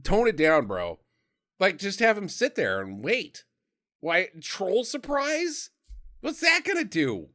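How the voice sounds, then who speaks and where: A high-voiced man with a bright, forceful tone riffs on a monster movie for a podcast. His pitch swings widely as he jokes, swears and acts out scenes in goofy voices, laughing along the way. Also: unhurried. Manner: animated, profane, acts out scenes in silly voices, laughs often. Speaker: podcast co-host reviewing a movie. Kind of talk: casual comedic movie riffing.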